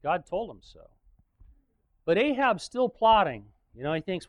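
A man preaching in a relaxed, conversational way, retelling an old story with jokes and little chuckles. His voice sits a bit high for a man. The recording is dry, with no room sound. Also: unhurried, pauses often, dry recording. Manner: chatty, joking retelling with frequent chuckles. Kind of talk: casual sermon storytelling.

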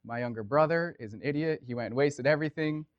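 A man's voice: on the high side, quick pace, dry recording, muffled recording, pitched above the performer's own voice, natural voice. A man voicing a resentful older son who complains indignantly to his father, close to his own voice. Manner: indignant, whiny.

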